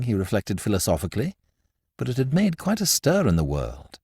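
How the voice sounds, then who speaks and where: A man narrating a classic story as a scripted audiobook, with an expressive, varied delivery. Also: lowish voice, brisk, husky, no room sound, clean studio sound.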